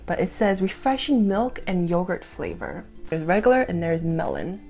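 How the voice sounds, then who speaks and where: A woman's voice: lowish voice, sing-song, moderate pace, few pauses, dark tone, faint music behind. A young woman in her twenties chatting casually through a taste-test vlog, thinking aloud with fillers. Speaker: food vlogger.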